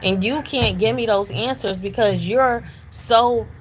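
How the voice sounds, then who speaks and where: A woman's voice: fairly high pitch, unhurried, slight background noise, low-quality recording. A woman in her thirties, a homeless mother, speaking insistently and repetitively about being rejected, close to tears. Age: 30s. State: near tears. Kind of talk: emotional personal testimony.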